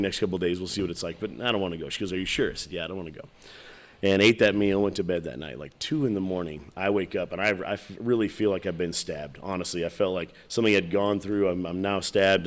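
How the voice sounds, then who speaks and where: A man casually telling a long personal story as a podcast guest, rambling and acting out the dialogue. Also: sits low. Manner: rambling, full of restarts and quoted dialogue.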